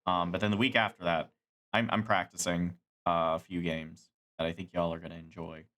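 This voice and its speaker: A man chatting casually on a live stream, rambling and animated, swearing casually. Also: deep voice, brisk.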